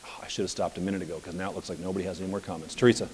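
A man coaching at a live seminar, telling anecdotes in an energetic, conversational way. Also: deep voice, very fast, big-room sound, a little hiss or hum. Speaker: property management business coach. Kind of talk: live seminar talk with audience questions.

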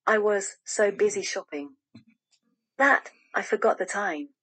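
Woman reading a big hungry she-bear, polite and apologetic, husky voice, slow storybook delivery. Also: medium pitch, a bit bright. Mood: chatty.

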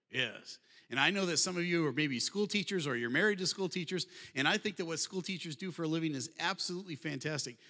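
A man's voice: a little high, pushed and bright. A man in his fifties, a guest speaker telling humorous stories and talking directly to his audience in a conversational way. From Michigan, USA. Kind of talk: storytelling talk. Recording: long hall reverb.

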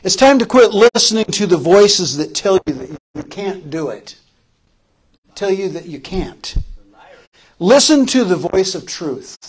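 A male pastor preaching a sermon with passion, repeating phrases for emphasis, rising to loud calls and dropping to soft, tender lines. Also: sits high, breathy edge.

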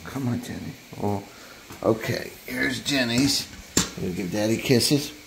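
A man's voice: mid-range voice, measured pace, vocal fry, background noise. Man cooing baby talk at his dogs. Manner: coos and voices the dogs' thoughts in silly baby talk. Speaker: dog owner filming his pets. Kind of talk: playful baby talk to pets. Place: home, feeding dogs.

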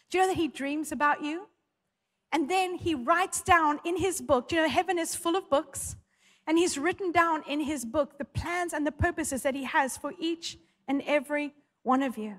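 Woman pastor, fervent emphatic preacher, long reverb of a big hall. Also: sits high. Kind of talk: sermon.

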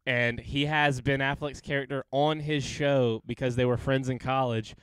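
A man's voice: mid-range voice, steady tone, moderate pace, fairly bright tone, clear, resonant tone, dry recording. A man co-hosting a podcast in casual chat, joking and swearing freely. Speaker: podcast co-host.

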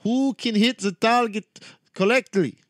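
Guy streaming a shooter, swears a lot, jokey trash talk, kinda high voice, dry close sound. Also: measured pace, no echo. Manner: loose, profane, joking trash talk. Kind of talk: casual live-stream chat while gaming.

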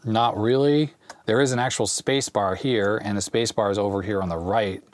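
A man hosting a retro computer repair video, thinking aloud in a relaxed way while he takes a machine apart. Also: fairly low pitch, normal speed. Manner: thinks aloud while working, relaxed, with small fillers and laughs. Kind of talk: casual hands-on show-and-tell.

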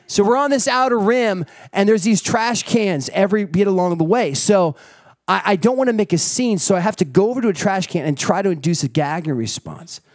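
Animated storytelling pastor, a man. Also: sits high, brisk. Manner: animated storytelling, acting out family members. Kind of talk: sermon.

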